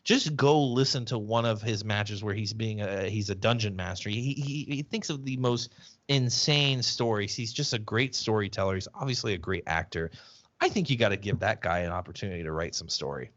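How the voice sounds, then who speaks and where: A man's voice: on the low side, a little fast, a bit bright, dull audio. A man co-hosting a casual podcast, telling stories over a video call with many restarts and fillers. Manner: rambling storyteller with frequent restarts and fillers. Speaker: podcast co-host.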